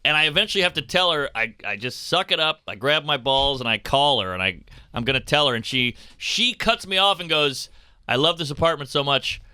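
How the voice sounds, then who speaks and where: Comedian guest, male, piercingly bright voice, animated storyteller, dry studio mic. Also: fairly high pitch, a little fast, clear, resonant tone, no echo. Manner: animated, acts out people in his stories. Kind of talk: casual storytelling on a talk radio show. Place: radio studio. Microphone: close studio mic.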